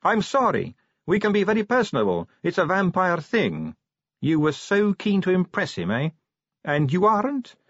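Guy putting on a high teasing young vampire girl, chatty and cheeky, dull lo-fi sound. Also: huge pitch swings, normal speed, fairly bright tone, no echo, exaggerated voice. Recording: dull lo-fi recording.

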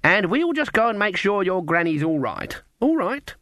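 A man's voice: high-pitched, sing-song, normal speed, pushed and bright, no echo, studio quality, pitched above the performer's own voice, exaggerated voice. A man voicing a stern, commanding old witch woman in an audiobook. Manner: curt, commanding. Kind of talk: audiobook character voice.

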